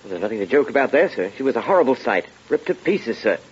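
Deferential, hardened police sergeant. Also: male voice, mid-range voice, big pitch swings, fast, slightly rough. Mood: matter-of-fact. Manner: deferential, saying "sir" constantly. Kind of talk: vintage radio drama acting. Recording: lo-fi old radio broadcast.

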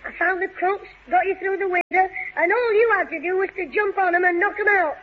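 A woman's voice: very high voice, brisk. Jim, a cheeky boy. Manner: wisecracking, bossy. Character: cheeky, quick-witted young London lad, Jim. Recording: dull old radio recording.

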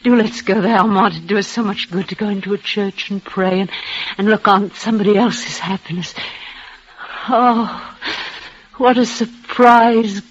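An actress voicing a dying, devoted young woman in an old radio drama, speaking in breathless, halting, emotional bursts. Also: medium pitch, fairly even intonation, slightly rough, natural voice. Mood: joyful, eager. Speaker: leading lady in a radio play. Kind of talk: 1940s radio acting. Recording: dull lo-fi old radio recording.

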